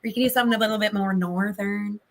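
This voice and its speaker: A woman's voice: mid-range voice, steady tone, gravelly. A woman from southern Ohio, an actor, chatting as a guest on a livestream interview with lots of fillers. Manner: chatty, talks in quick bursts with many fillers.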